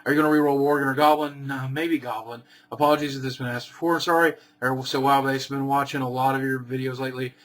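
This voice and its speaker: Man vlogger, casual Q&A, deadpan short answers, mid-pitched voice. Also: fast talker, few pauses. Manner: reads questions aloud then answers dryly and briefly. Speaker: vlogger answering viewer questions.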